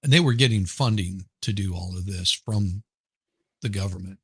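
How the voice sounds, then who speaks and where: Male guest on a video-call live chat; husky, low voice, dry sound, rambling talk that trails off. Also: normal speed, dry recording. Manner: rambling, trailing off mid-sentence. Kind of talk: casual chat.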